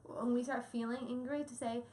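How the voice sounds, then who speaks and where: A parenting presenter co-hosts a relaxed educational conversation, laughing frequently and explaining with examples. Her slightly high voice is brisk and dark-toned with fairly even intonation, and the room is echoey with faint ambient noise.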